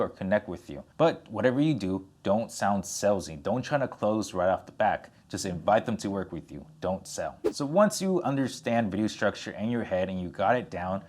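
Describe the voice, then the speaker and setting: A young man speaks straight to the camera as a coach, his voice sitting a little low. He stays energetic throughout, punching key words and moving his hands as he talks. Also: moderate pace, few pauses. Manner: energetic, gestures with hands while talking; animated, plays with his tone for emphasis. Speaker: content coach. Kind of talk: direct-to-camera tutorial.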